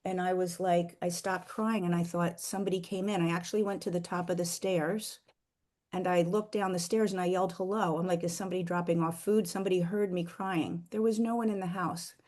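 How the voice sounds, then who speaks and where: A middle-aged woman earnestly sharing a personal faith story, slowing down for emphasis. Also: fairly low pitch, fairly even intonation, darkish tone. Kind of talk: heartfelt personal testimony.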